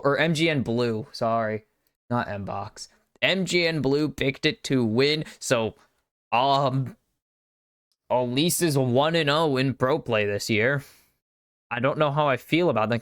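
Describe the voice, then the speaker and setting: A man's voice: medium pitch, measured pace, fairly bright tone, no echo, clean studio sound. A man from the United States casting an esports draft alone on a live stream, chatty and self-deprecating, muttering asides to himself. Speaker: esports caster.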